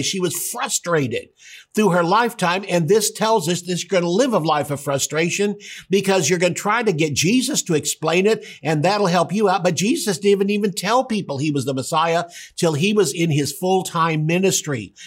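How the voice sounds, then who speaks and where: Emphatic preacher, man, fairly high voice. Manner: emphatic, rises and quickens when stressing a point. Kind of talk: sermon.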